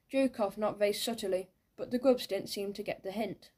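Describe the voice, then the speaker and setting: Warm-toned woman narrating a children's story. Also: mid-range voice, normal speed, hardly any pauses. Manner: lively storytelling, voicing each character. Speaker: audiobook narrator.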